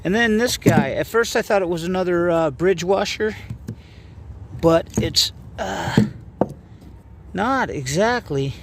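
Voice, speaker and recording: A man casually narrating an outdoor vlog by a lake, upbeat and rambling, with plenty of fillers and excited exclamations. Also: high voice, takes it slowly, vocal fry, pauses often, noisy background. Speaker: vlogger.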